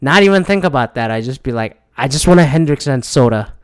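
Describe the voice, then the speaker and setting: A man's voice: mid-range voice, expressive, brisk, smooth, dry recording. A man ranting casually, swearing often and rambling with frequent restarts and repeated words. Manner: profane, frustrated, rambling with restarts. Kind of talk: casual rant.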